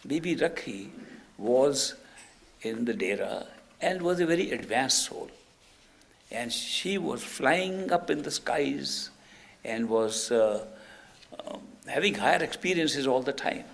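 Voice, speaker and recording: An older man from India, giving a spiritual talk over a video call, telling stories gently. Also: medium pitch, takes it slowly, gravelly. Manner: gentle storyteller, animated. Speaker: spiritual teacher.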